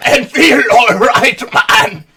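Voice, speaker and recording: A man putting on a mellow, laid-back male voice in a mock Jamaican accent, drawling easygoing lines. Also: very high-pitched, slow pace, voice pushed up, exaggerated voice. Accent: put-on Jamaican.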